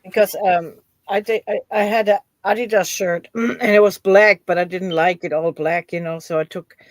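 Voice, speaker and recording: Woman guest on a casual craft chat, plain halting delivery, dry sound. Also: medium pitch, steady tone, no room sound.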